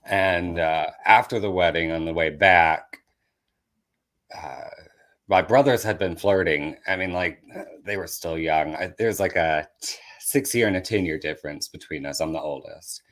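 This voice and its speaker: A young man with a very low voice tells personal stories on a podcast, candid and self-deprecating. He slips into his family members' voices as he goes, keeping it casual and easygoing. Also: unhurried, fairly bright tone. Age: young adult. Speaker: comedian guest.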